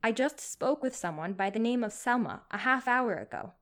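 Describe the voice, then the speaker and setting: A woman's voice: on the high side, animated, normal speed, fairly bright tone. A woman voicing an earnest, slightly nervous visiting nurse who tries to sound firm and professional, in storybook narration.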